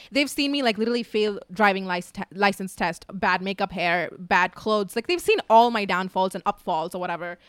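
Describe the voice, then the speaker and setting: A woman's voice: mid-range voice, a bit bright, smooth, dry recording, clean studio sound. A woman in her twenties chatting casually, full of fillers and the odd swear. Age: 20s. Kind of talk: casual chat.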